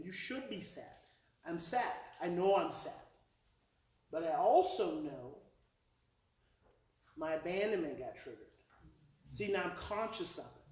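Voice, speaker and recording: A man in his forties from Oklahoma, with an Oklahoma accent, giving a live workshop talk to parents, telling stories with emotion and repeating his key phrases. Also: high-pitched. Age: 40s. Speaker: parenting educator and presenter. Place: presentation hall before a live audience. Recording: roomy live hall, voice picked up from a distance, faint noise.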